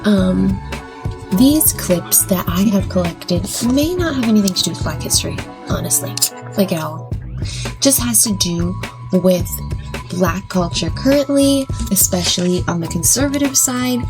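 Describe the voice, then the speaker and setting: A chatty woman hosting a reaction vlog, taking her time and giggling between thoughts. She fills her pauses with um, and music plays clearly behind her voice. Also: mid-range voice, expressive. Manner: chatty and giggly, says um a lot. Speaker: vlog host. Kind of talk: casual reaction commentary.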